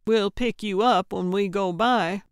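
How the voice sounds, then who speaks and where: An elderly, self-assured amateur sleuth, as a woman narrator puts her on. She speaks slowly and with confidence, in a smooth, clear voice with a dry studio sound. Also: mid-range voice, dry recording, lightly acted. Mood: confident. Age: older.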